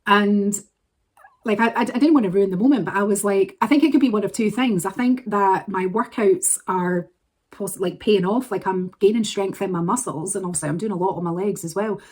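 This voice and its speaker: A woman's voice: medium pitch, fairly quick, a little mellow. Chatty woman vlogging. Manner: chatty, gushing, many fillers and restarts. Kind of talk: casual chat to camera.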